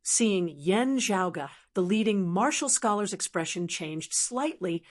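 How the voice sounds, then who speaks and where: A woman narrating a fantasy audiobook in a steady, even reading voice. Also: medium pitch, slow pace, hardly any pauses. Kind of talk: scripted narration.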